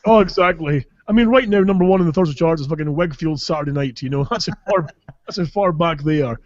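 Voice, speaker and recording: This Caithness man speaks fast in a slightly mellow, high-leaning voice with a Scottish accent. Hosting a podcast, he spins casual, rambling comic tales full of swearing, laughing along the way, in a dry recording with dull audio.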